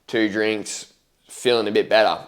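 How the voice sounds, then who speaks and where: A man's voice: lowish voice, fairly even intonation, unhurried. A young man casually telling his own story to camera, candid and slangy, swearing freely and acting out his past reactions.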